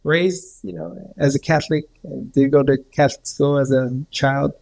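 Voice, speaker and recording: A man's voice: fairly even intonation, normal speed, vocal fry, darkish tone. A man, a healer and podcast guest, telling a story in casual talk with many fillers. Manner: rambling, many fillers, acts out others' quotes in a higher voice.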